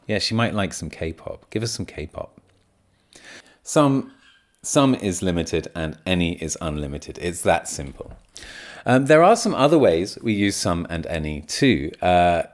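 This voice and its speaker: Low-voiced man explaining grammar. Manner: patient, thinks aloud, repeats examples. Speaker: podcast host and English teacher. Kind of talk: explaining English grammar on a podcast.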